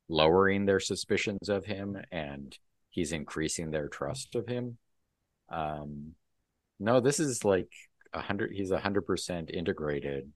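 A man co-hosting a podcast, casually recapping a comic book in a rambling, relaxed way. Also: low voice, no echo, studio quality. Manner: relaxed, rambling, full of ums and laughs. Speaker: podcast co-host.

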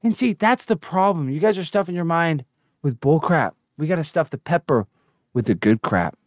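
A man hosting a comedy show, delivering a brash, swaggering rant that keeps slipping into sing-song chants and sudden shouts. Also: fairly high pitch, animated, normal speed, no echo, clean studio sound.

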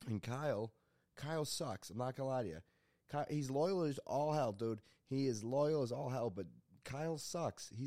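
A man's voice: medium pitch, warm tone, no echo. A young man hosting a solo comedy podcast, rambling casually and swearing often while mocking himself. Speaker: podcast host.

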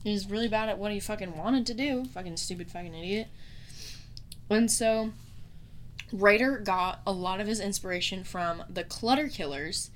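A woman's voice: medium pitch, moderate pace. Woman, podcast host, casual true-crime chat, heavy swearing, mocking tone, faint hiss behind. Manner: profane, mocking, laughs often.

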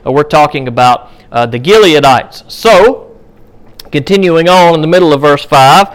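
Man, Bible study teacher, slightly high voice, conversational, lots of ums and restarts. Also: moderate pace. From United States. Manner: conversational, with frequent fillers and restarts.

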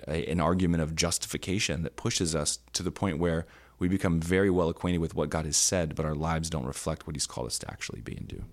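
A man co-hosting a church podcast, teaching earnestly on scripture in casual talk, searching for words with many fillers. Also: low-pitched. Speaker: podcast co-host. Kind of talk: conversational Bible teaching. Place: indoor podcast studio.

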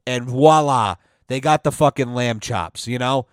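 A man's voice: mid-range voice, measured pace, no echo, studio quality. A young man hosting a podcast, telling rambling comic stories in a casual, profane monologue. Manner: profane, rambling, animated storytelling. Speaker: podcast host.

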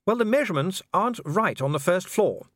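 A man voicing a refined, kindly noblewoman who coaxes her husband gently and practically. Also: high-pitched, lively intonation, a little fast, no room sound, clean studio sound, voice pushed up. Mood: brisk, concerned. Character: refined, kindly noblewoman, middle-aged wife.

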